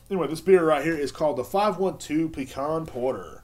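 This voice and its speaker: A man's voice: fairly high pitch, brisk. A man hosting a casual solo podcast, rambling, swearing often and turning sarcastic. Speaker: podcast host.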